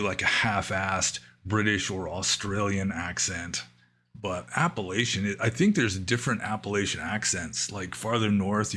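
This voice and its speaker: A man answering viewer questions on a livestream, thinking aloud in a casual, rambling way with pauses and asides. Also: deep voice, pushed and bright, a little hiss or hum. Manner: musing, thinking aloud with fillers and trailing asides. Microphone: livestream microphone.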